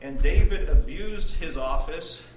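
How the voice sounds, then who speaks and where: A man preaching a devotional sermon at a prayer meeting, retelling with earnest emphasis and swings in loudness. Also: on the high side, lively intonation, a little slow. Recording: roomy distant recording with background noise.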